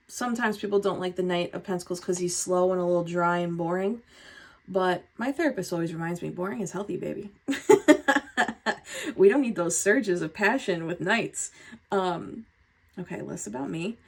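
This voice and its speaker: A woman giving a casual tarot reading, chatty and expressive, with frequent laughs and swearing. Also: lowish voice. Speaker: tarot reader.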